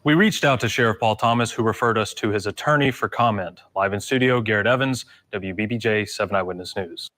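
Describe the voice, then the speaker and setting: A man reporting a story as a TV news correspondent, reading in a measured, formal way. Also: fairly low pitch, a bit bright, no echo.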